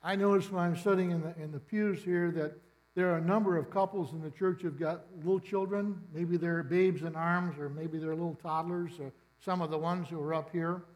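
A man's voice: a little high, steady tone, normal speed, a little mellow, poor audio. A middle-aged man preaching a sermon in a church, conversational and storytelling with dry humor. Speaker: pastor. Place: church sanctuary.

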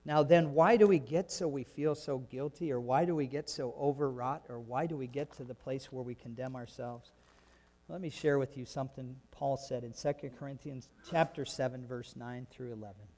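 A man from Canada preaching a sermon, swinging between soft asides and loud, emphatic exclamations. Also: mid-range voice, normal speed, big-room sound. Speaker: pastor.

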